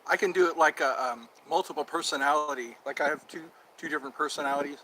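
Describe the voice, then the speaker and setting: A man talking casually on his own vlog, with a voice sitting somewhat high for a man. He jokes around, slips into a mock tough-guy delivery and laughs at his own lines, over a faint hiss behind him. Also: fairly even intonation, quick pace, bright, forceful tone, rough recording. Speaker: vlogger.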